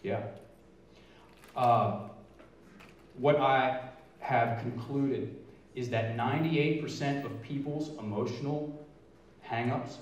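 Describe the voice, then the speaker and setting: A middle-aged man giving an energetic, emphatic presentation as a featured speaker, stretching out key words for effect. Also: mid-range voice, slow pace, long pauses, slight background noise. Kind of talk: live motivational presentation. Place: large event hall. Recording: echoey hall from far off.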